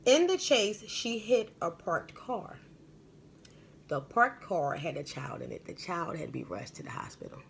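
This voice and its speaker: A woman's voice: fairly low pitch, very animated, unhurried, vocal fry, a little hiss or hum. A woman hosting a live stream as a spiritual medium, telling stories and giving advice in a rambling, emphatic, slangy way.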